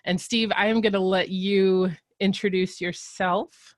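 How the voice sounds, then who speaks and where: A woman's voice: medium pitch, fairly even intonation, a little slow, no room sound, clean studio sound. Bubbly woman hosting a webinar. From Texas. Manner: bubbly, chatty, with fillers. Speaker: webinar host.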